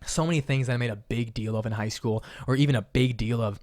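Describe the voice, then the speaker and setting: A man's voice: medium pitch, quick pace. A young man hosting a podcast, chatting casually and acting out quoted people as he tells stories. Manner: animated storyteller, acts out quoted voices. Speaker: podcast host. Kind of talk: casual chat.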